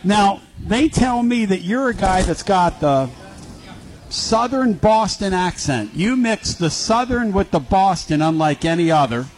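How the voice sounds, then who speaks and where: An excitable man from Philadelphia runs a sports talk radio show and hypes up his guests. His voice sits a little high. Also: a little slow, slight background noise, poor audio.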